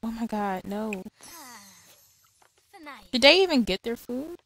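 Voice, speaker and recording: A woman's voice: fairly high pitch, expressive, takes it slowly, fairly bright tone, slight background noise, rough recording. A woman hosting a let's-play, giving casual game commentary in an exasperated, chatty, profane way.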